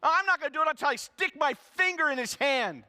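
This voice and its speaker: A man's voice: extremely high pitch, expressive, quick pace, sharp tone, long reverb tail, pitched above the performer's own voice, full character voice. A man voicing the disciple Thomas, a blunt and stubborn skeptic who refuses to believe. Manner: defiant, blunt, disbelieving.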